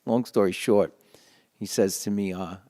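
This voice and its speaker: A New man with a somewhat low voice tells a casual story. He rambles, restarts his sentences and swears now and then. His tone stays earnest throughout. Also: fairly even intonation, measured pace, dark tone. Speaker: guitarist.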